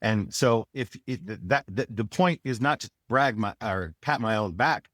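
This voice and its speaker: A man's voice: lowish voice, normal speed, fairly bright tone, no echo, clean studio sound. A man in his forties, a sales veteran speaking as a podcast guest, giving blunt and emphatic advice in a casual interview.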